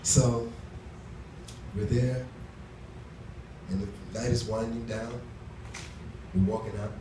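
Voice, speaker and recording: A man's voice: medium pitch, flat delivery, slow. A man doing live stand-up storytelling on a small club stage, talking in a loose, chatty way with restarts and fillers. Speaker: stand-up comedian. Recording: echoey club sound from a distant mic, noisy.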